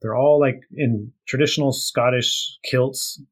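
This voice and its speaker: A man's voice: mid-range voice, fairly even intonation, a little slow, breathy edge. A man, a guest author, chatting casually and telling a story with frequent laughs and fillers. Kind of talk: casual chat.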